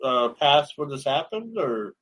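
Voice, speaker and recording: On poor-quality audio, a man hosts a loose, chatty radio interview in a slightly high, sing-song voice that's a bit bright with a breathy edge. He keeps a measured pace, fills his speech with fillers, and laughs along with his guest.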